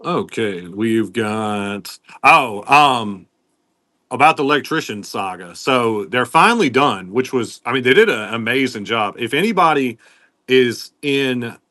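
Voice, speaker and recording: A man runs a casual live-stream sale, chatting and rambling as he greets viewers one by one. His voice sits at an ordinary middle pitch, and the sound is dry and close with no room echo. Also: a bit bright. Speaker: live-stream pin seller.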